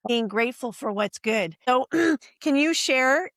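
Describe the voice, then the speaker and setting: A woman's voice: sits high, expressive, a little slow, a bit bright, no room sound, clean studio sound. A woman hosting a podcast who encourages her guest and speaks directly to listeners. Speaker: podcast host. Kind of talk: casual interview talk.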